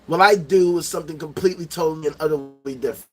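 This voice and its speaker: A middle-aged man talking to his viewers in a loud, profane, repetitive rant with plenty of rhetorical questions. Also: a little high, rapid-fire, faint music behind. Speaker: streamer. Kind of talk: ranting livestream monologue.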